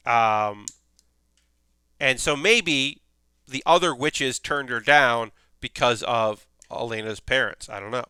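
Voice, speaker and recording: A man's voice: mid-range voice, lively intonation, moderate pace, bright, forceful tone, smooth, no echo. A man hosting a stream, recapping an anime plot in a rambling, casual way with lots of fillers. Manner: rambling, filler-heavy retelling. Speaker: stream host.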